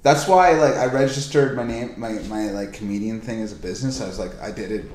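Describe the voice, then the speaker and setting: A man's voice: fairly low pitch, brisk. Ranting man in an echoey room. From Canada. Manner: ranting, stammering, deadpan. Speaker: comedian guest. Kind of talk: casual comedy podcast chat.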